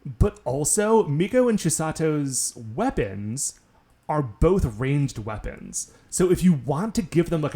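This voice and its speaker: Man, podcast co-host, casual chat, rambling, lively pitch, mid voice. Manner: rambling, lots of filler words.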